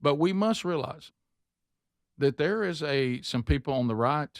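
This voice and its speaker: A man's voice: a little high, expressive, measured pace, no echo, clean studio sound. A male talk show host, telling stories in a casual way and acting out the people he quotes, with many stammered restarts.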